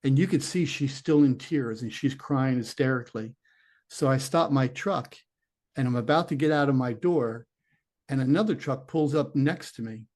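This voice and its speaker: A man's voice: mid-range voice, moderate pace, darkish tone. A middle-aged man, a former detective, telling a long personal story in an earnest, rambling way, acting out his own inner voice. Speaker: interview guest, former police detective turned psychic medium. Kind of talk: conversational storytelling.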